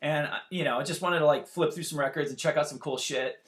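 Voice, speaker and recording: Man in his forties, slightly high voice, casual storytelling, lively, swearing, quoting people. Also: fast talker. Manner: animated, profane, acts out quotes. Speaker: musician guest telling a story.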